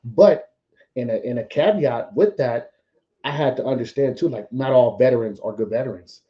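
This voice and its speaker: A man's voice: mid-range voice, normal speed, lo-fi sound. A man guest in a casual podcast chat, speaking earnestly and reflectively. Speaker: guest, veteran business owner.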